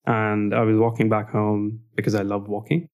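Animated young man telling stories. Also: lowish voice, normal speed. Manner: animated, humorous, frequent "like" fillers. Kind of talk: casual storytelling conversation.

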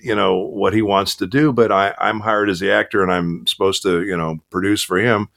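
Chatty man with a low voice. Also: fairly even intonation, moderate pace, gravelly, fairly bright tone. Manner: chatty storyteller with many fillers and restarts. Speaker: voice actor guest. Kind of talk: casual interview talk.

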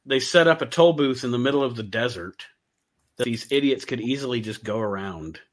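Animated man hosting a casual chat. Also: mid-range voice, a little fast. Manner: animated, laughs often, restarts sentences. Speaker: podcast host.

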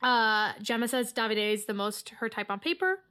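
A woman's voice: fairly high pitch, expressive, pushed and bright, smooth. A woman co-hosting a casual podcast, chatting and laughing while recapping a reality show. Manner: chatty, playful, quick to laugh. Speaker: podcast co-host.

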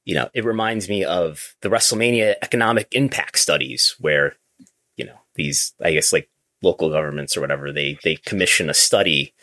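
A man co-hosting a casual wrestling news talk show, often restarting his words and firing off quick questions. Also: low voice, dry recording, studio quality. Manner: stammering restarts, animated questions. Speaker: podcast co-host.

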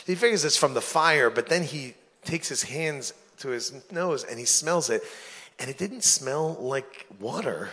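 A man from New York telling a long comic story, lively and acting out each character. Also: fairly high pitch, a little slow, breathy edge. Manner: lively, acts out every character. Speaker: comedian. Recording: long reverb of a hall.

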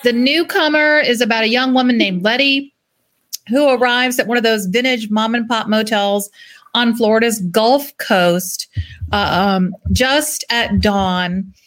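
A woman's voice: on the high side, measured pace, fairly bright tone. A woman novelist chatting about her new book, with lots of ums and uhs. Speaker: author guest.

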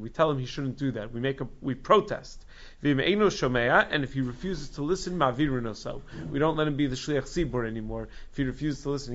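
A man teaching a casual Torah lesson as a rabbi, with frequent halting restarts and fillers. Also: mid-range voice, highs cut off. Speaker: rabbi teaching Jewish law.

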